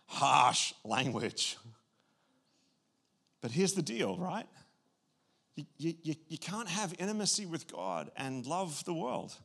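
A man preaching a sermon, animated, acting out quoted voices with big swings between loud and quiet. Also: a little high, gravelly. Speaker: pastor.

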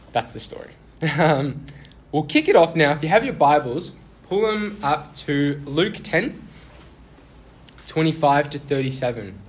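Chatty young preacher, slightly high. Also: male voice. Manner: chatty, self-deprecating, laughs through awkward moments. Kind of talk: casual sermon storytelling.

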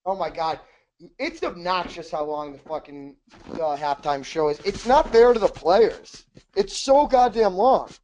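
A man's voice: high voice, animated, measured pace, a little mellow, highs cut off, a little hiss or hum. A man co-hosting a podcast in casual chat, telling rambling, profane stories. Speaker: podcast co-host.

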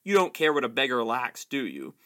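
A man's voice: mid-range voice, wildly swooping pitch, a little fast, fairly bright tone. A man reading aloud, voicing a bitter, ruined old male wizard who sneers, whines and spits scorn at everyone. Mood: sneering. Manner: sneering, whining and spiteful.

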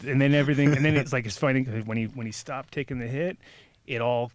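A man telling a story in casual chat, animated and swearing, acting out quotes with sudden jumps in pitch. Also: quick pace, no room sound. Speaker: podcast guest telling a story.

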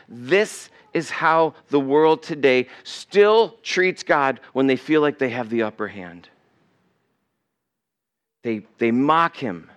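Preaching in a church sanctuary, a male pastor with a somewhat high, fairly bright voice talks conversationally. Now and then he acts out the voices of the people in his story.

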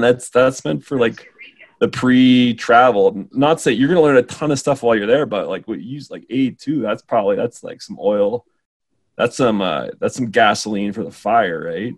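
A man co-hosting a podcast in casual chat, animated, filling his talk with "like" and dropping into Spanish. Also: lowish voice. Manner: animated, says like a lot, mixes in Spanish. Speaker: podcast co-host.

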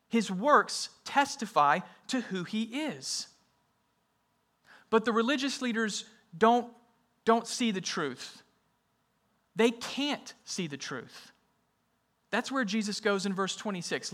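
A man's voice: high voice, animated, measured pace, sharp tone. A man preaching a sermon in an emphatic way, often repeating his key phrases for weight. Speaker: pastor.

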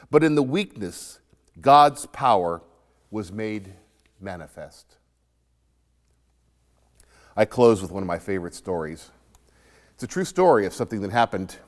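Emphatic male preacher with a lively voice. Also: mid-range voice, big-room sound. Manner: emphatic, dramatic storytelling delivery. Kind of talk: sermon.

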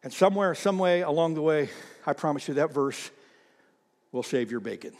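A man preaching a sermon as pastor, animated, repeating himself and calling on the congregation to read aloud. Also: fairly high pitch, moderate pace, big-room sound. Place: church sanctuary.

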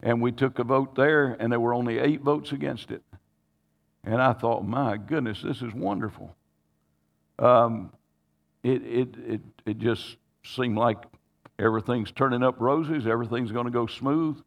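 A pastor telling a personal story in a sermon, earnest and halting, with frequent restarts that build to emotional pleading. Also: male voice, mid-range voice, steady tone, creaky, in a large hall. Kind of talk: sermon testimony.

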